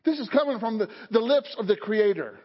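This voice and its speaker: A man's voice: sits high, animated, a little fast. A man preaching a sermon as pastor, leading his congregation in call-and-response and building to fervent emphasis. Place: church sanctuary. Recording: dull sound, long hall reverb.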